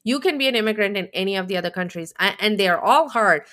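A woman's voice: mid-range voice, lively intonation, fast talker, a bit bright. A woman co-hosting a podcast in casual chat, reflective and explaining her points at length. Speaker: podcast co-host.

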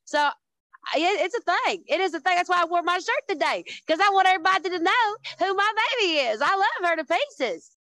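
A woman's voice: extremely high pitch, lively intonation, brisk, bright, forceful tone, no echo, low-quality recording. A woman guest in a casual chat, telling stories with lots of swearing and calling the listener "honey" and "dude". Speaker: podcast guest.

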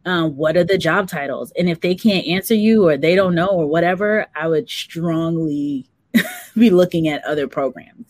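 A woman's voice: on the low side, moderate pace, no room sound. A woman hosting a live career-advice chat, reading out viewer comments and building on her co-host's points. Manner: conversational, adds to co-host's points.

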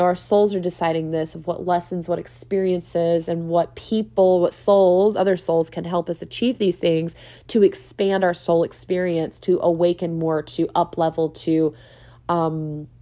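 A woman's voice: fairly low pitch, level tone, a little slow, mellow. A woman hosting a solo spiritual podcast, talking in an earnest, chatty way and laughing often. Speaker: podcast host and spiritual coach. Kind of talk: casual solo podcast monologue.

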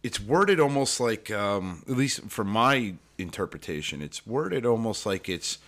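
A man co-hosting a casual podcast chat, animated and quick to laugh. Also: lowish voice. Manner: animated, mimics movie lines with laughs. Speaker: podcast co-host.

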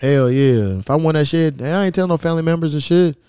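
A man's voice: fairly high pitch, fairly quick, mellow, smooth, no room sound, clean studio sound. A man hosting a podcast in casual chat, telling stories bluntly and cursing constantly. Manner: blunt, profane storytelling. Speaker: podcast host.

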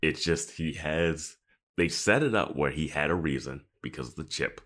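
A man's voice: rumbling low, normal speed, a bit bright. A man co-hosting a podcast, chatting casually about a TV episode with laid-back, chuckling asides and trailing sentences. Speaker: podcast co-host.

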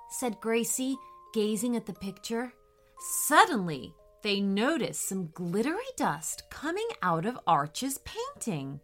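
A woman's voice: on the high side, takes it slowly, soft background music. A woman hosting and narrating children's storybook stories, upbeat and speaking straight to the kids. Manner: upbeat, lively, addressing kids directly. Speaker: host and storyteller.

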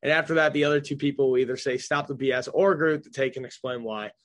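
A man's voice: mid-range voice, steady tone, racing. Casual young man hosting a sports chat. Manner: loose, joking, swears casually. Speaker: podcast host.

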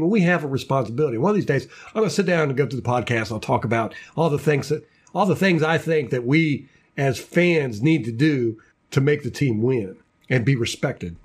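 A man's voice: mid-range voice, expressive, a little fast, hardly any pauses, husky. A man hosting a casual sports podcast, ranting with lots of repeated words and restarts. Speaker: podcast host.

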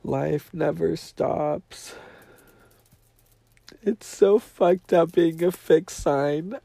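A man's voice: a little high, drawn-out words, vocal fry, pauses often, mellow, dry recording. A man hosting a podcast in a casual monologue, nasal and teary from crying, talking in a profane, dramatic and emotional way. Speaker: podcast host.

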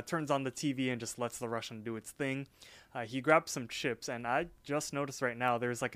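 A man's voice: mid-range voice, fairly bright tone, clean tone, dry recording. A man co-hosting a podcast, retelling an episode in rambling casual chat with lots of fillers. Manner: rambling, filler-heavy narration. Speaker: podcast co-host.

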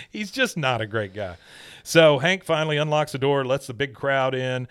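A man's voice: mid-range voice, expressive, moderate pace, fairly bright tone, clean tone. A man hosting a podcast, recapping a cartoon episode in an easygoing, chatty way. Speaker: podcast host.

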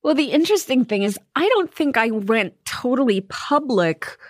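A woman in her forties, an actress and author, talking frankly and with humor in an interview, sometimes swearing and telling lively stories. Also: high-pitched, moderate pace, no room sound, studio quality. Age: 40s. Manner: frank, profane, animated storytelling. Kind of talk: candid interview conversation.

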